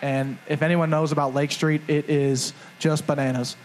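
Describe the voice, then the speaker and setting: A man's voice: a little high, level tone, normal speed, slight background noise, rough recording. A young man co-hosting a live podcast show on stage, telling a rambling, self-mocking story and acting out the quotes. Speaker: podcast co-host. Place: live stage before a crowd.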